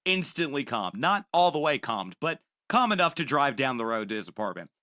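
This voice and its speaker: Bright-voiced man telling a wild story. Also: medium pitch, a little fast, dry recording, clean studio sound. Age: young adult. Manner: animated, profane, acts out quoted voices. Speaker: podcast co-host. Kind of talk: casual storytelling.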